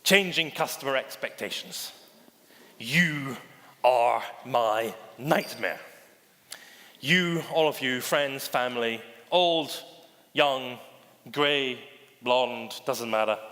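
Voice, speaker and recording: A man delivers a conference keynote in a theatrical storytelling style, often calling out to the audience and acting out the voices in his anecdotes. His voice sits at a middle pitch, and a long hall reverb trails every word. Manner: theatrical, addresses audience as ladies and gentlemen; acts out anecdotes with quoted voices. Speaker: conference speaker, bank digital chief. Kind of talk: keynote presentation. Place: conference stage.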